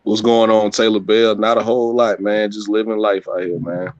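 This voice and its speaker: A man's voice: on the low side, flat delivery, moderate pace, muffled recording, slight background noise. A man co-hosting a live boxing talk stream, talking in a laid-back, easygoing way. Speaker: podcast co-host. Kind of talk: casual live-stream chat.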